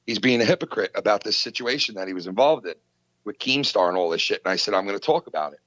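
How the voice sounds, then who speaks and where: A man, hosting a podcast and retelling a feud in a heated, profane, animated way. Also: lowish voice, fast, dry recording, highs cut off. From New York. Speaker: podcast host. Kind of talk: casual podcast storytelling.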